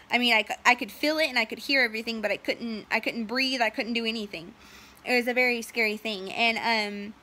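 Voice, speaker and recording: Bright-voiced woman telling a rambling story. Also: a little high. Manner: rambling, many "um"s and "and so", quotes others in dialogue. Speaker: storyteller recounting a personal medical ordeal. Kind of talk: casual personal storytelling.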